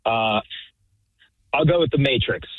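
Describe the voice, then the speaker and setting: A man's voice: mid-range voice, unhurried, dry recording. A man calling in to a radio quiz, answering in a hesitant, unsure way over a phone line. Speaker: caller.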